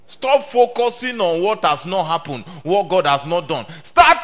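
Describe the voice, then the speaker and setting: Male preacher, fairly high voice, declaims loudly and then drops low, draws call-and-response from the congregation, muffled lo-fi recording. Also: animated, normal speed. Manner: emphatic, swings between loud declaiming and low talk. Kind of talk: sermon. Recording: dull lo-fi sermon recording.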